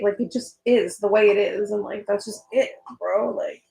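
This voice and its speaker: A woman's voice: mid-range voice, fairly even intonation, moderate pace, creaky, a little mellow, echoey room, poor audio. A young woman chatting casually while she works on a drawing, rambling and swearing, getting worked up at times. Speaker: artist vlogger.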